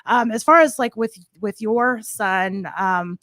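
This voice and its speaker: A woman's voice: medium pitch, slow, fairly bright tone, dry recording, studio quality. A woman podcast host in casual interview chat, speaking thoughtfully with plenty of filler words.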